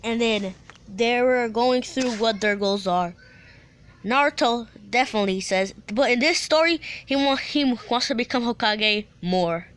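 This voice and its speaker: A woman's voice: a little high, measured pace, fairly bright tone, smooth. Rambling young-sounding woman telling a story. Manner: rambling, restarts often, playful asides. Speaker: storyteller of fan fiction. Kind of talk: casual spoken story.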